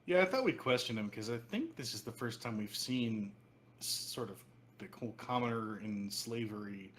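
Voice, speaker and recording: A man's voice: medium pitch, lively intonation, normal speed, slight background noise. A man playing in a tabletop game, chatty and joking about the story. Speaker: player. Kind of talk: casual tabletop game talk.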